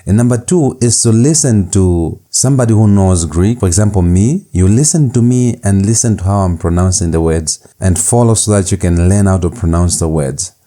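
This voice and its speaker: Deep, mellow male Greek teacher. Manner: repeats key points slowly and deliberately. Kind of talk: recorded lecture.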